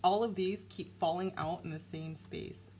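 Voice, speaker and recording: A woman giving a casual, animated tarot reading, talking straight to her viewers. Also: fairly low pitch, normal speed. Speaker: tarot reader.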